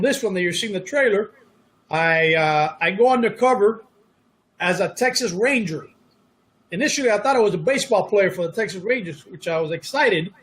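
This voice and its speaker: A middle-aged man with a notably high speaking voice talks casually as an interview guest. He tells stories from his acting career in a loose, self-deprecating way and drops jokes at his own expense. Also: fairly bright tone. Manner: self-deprecating, joking storyteller. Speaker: actor guest.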